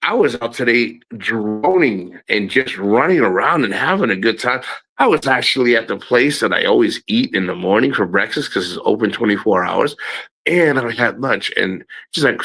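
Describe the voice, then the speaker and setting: A man's voice: medium pitch, expressive, normal speed, pushed and bright, rough recording. A middle-aged man rambling casually in a travel vlog, blunt and profane, laughing often. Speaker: travel vlogger.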